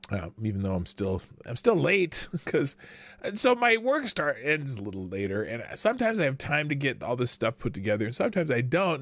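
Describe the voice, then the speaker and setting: A man riffing as host of a live stream from a small home studio. His fairly high, bright voice swings widely in pitch as he banters loosely, cursing casually. The sound is dry and close, with no room echo at all. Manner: loose, animated banter with swearing and laughs.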